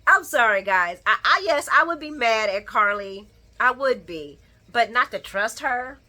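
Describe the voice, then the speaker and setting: A woman's voice: on the high side, lively intonation, a little slow, sharp tone. A woman casually recapping a soap opera episode on her channel, talking back to the characters with sass and frequent laughter. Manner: sassy, talks back to the characters, laughs often.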